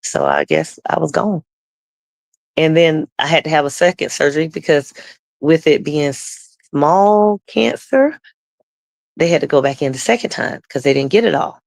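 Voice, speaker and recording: A woman shares her personal faith testimony as a guest, voicing the people in her story as she goes. Her voice is deeply gravelly and full of fry. She often loses her words and starts sentences over, and the sound is dry, with no room echo. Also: very animated, moderate pace, a little mellow. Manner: storytelling, acting out the other people's lines in the story.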